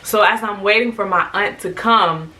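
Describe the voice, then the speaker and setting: Bright-voiced young woman telling a story. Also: mid-range voice, normal speed, far from the mic, low-quality recording. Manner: animated, lively, quotes people in raised voices. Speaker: vlogger. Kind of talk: casual storytelling.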